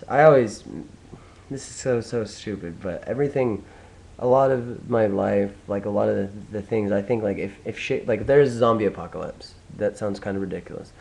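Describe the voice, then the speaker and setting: This is a solo vlog monologue from a young American man who swears, rants and rambles, restarting often. He speaks at a moderate pace in a fairly low, creaky voice with a darkish tone, captured on a low-quality recording.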